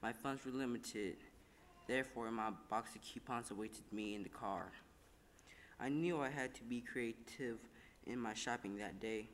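A man narrates a heartfelt story at an even, measured pace, now and then stumbling over a word. His voice rings with a long room echo over faint background noise. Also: medium pitch. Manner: calm, measured storytelling with small slips. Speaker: reader. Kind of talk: scripted narration of a first-person story.

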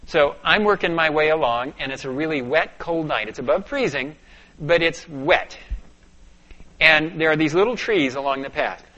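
A male preacher telling a personal story in a sermon, dropping to a hush and rising to urgent bursts. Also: on the high side. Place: church sanctuary. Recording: dull lo-fi sound.

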